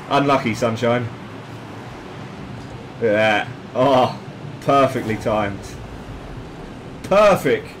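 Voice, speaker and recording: A man commentating his own gameplay excitedly, yelping, swearing and shouting at each play. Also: medium pitch, drawn-out words, long pauses, background noise. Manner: excitable, yelps and shouts at plays, swears, laughs often.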